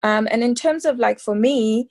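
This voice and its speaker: A woman's voice: fairly high pitch, moderate pace, darkish tone. A woman in her thirties from South Africa, an actress talking casually in an interview, rambling and full of fillers. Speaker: actress guest.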